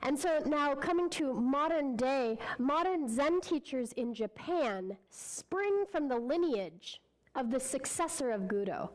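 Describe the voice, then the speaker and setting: A woman's voice: high voice, expressive, measured pace, rough recording. A woman speaker telling a parable in a sermon at a spiritual center, earnest and heartfelt. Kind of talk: sermon storytelling.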